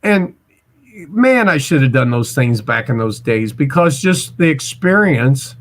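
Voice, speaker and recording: A man's voice: mid-range voice, very animated, unhurried. A man in his forties from Missouri, telling casual stories as a guest, rambling with restarts and stammers. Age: 40s. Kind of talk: casual storytelling.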